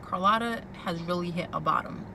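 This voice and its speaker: A woman's voice: lowish voice, brisk, creaky, background noise. Sassy woman recapping a TV episode. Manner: animated, quoting characters and reacting with sass. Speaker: TV recap vlogger. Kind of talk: casual chat recapping a TV episode.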